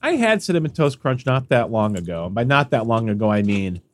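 Brisk and medium-pitched, a man co-hosts a casual podcast, joking and bantering with his partner. He's animated but sniffly, with the odd sneeze.

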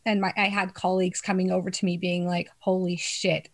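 A woman's voice: fairly low pitch, little pitch movement, quick pace. A young woman in casual chat with friends, telling a story with lots of swearing and laughter.

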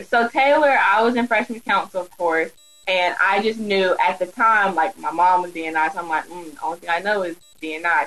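A woman's voice: lowish voice, fairly bright tone, rough recording. A young adult woman chatting casually on a podcast, hesitant and searching for her words. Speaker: student and podcast guest.

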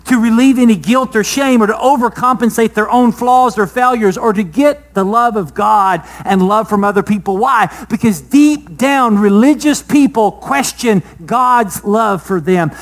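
A man preaching a sermon, asking the congregation rhetorical questions, his voice rising loud and then dropping soft. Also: high-pitched, unhurried, few pauses. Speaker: pastor.

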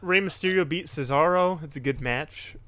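A man co-hosting a podcast, telling stories in an animated, casual chat. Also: a little high, moderate pace, no room sound. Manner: animated, storytelling recaps. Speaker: podcast co-host. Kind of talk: casual chat recapping wrestling.

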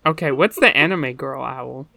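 A podcast co-host in casual chat, excitable and exclamatory, with some swearing. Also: mid-range voice, normal speed, creaky.

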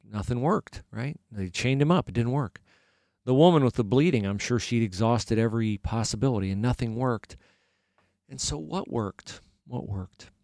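Middle-aged male podcast host, low register, dry close sound, earnest and halting in a casual devotional chat. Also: a little mellow, no room sound. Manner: reflective and earnest, halting with many fillers.

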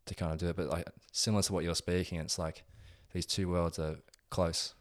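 A young man who coaches strength training, chatting casually in an interview, relaxed and rambling with many fillers. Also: low voice, brisk, no echo, clean studio sound. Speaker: gym owner and strength coach.

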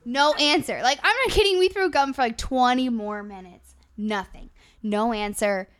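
A young woman with a high voice tells a long story in casual chat. She swears freely and laughs as she talks, keeping it loose and animated. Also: moderate pace, smooth. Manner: animated, swears constantly, laughs while telling.

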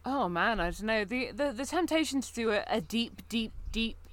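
A woman with a fairly high voice, co-hosting a podcast. She talks in a thoughtful, wry way and laughs often in casual chat. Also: lively intonation, moderate pace, a bit bright. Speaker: podcast co-host.

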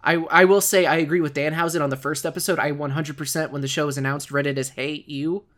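Man, podcast host, casual chat, joking, quick enthusiastic delivery. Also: fairly high pitch, steady tone, fairly bright tone. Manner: joking, fast-talking, enthusiastic.

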